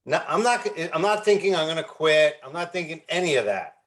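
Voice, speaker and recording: Speaking briskly with lively intonation, this guest on an interview podcast is a man in his fifties who founded a recovery movement. His slightly high voice has a bit of brightness as he candidly shares a personal story, frequently restarting and repeating himself.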